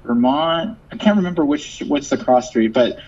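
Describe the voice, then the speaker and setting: A man who is a musician, chatting casually as a guest and telling stories with lively quoted voices. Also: moderate pace, husky. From Los Angeles. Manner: animated storyteller, acts out quotes in a high voice. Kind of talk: casual chat. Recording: slightly dull audio with faint noise.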